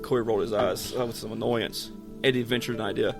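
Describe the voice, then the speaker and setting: Podcast co-host, male, casual story reader, clear music bed underneath. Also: fairly low pitch, steady tone, fast. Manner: casual, breaks off to joke. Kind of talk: reading a story aloud to friends.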